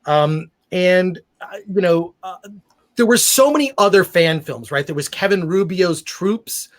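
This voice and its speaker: A man's voice: high-pitched, expressive, unhurried. A man hosting a podcast, chatting in a rambling way full of fillers. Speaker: podcast host. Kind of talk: casual podcast chat.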